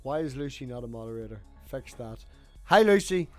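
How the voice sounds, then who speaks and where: A man's voice: mid-range voice, expressive, fairly quick. Chatty man hosting, faint music. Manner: blunt, swears casually, chatty. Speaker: podcast host. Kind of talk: casual chat.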